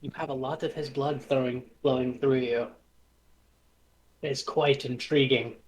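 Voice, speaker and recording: A man's voice: mid-range voice, steady tone, a little slow, slight background noise, lightly acted, rough recording. A man playing a smug, scheming trickster god. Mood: intrigued. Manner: smug, taunting.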